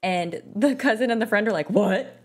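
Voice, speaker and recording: A woman's voice: mid-range voice, a little fast. A woman gaming vlogger chatting casually and rambling, with lots of fillers and restarts. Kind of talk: casual chat while gaming.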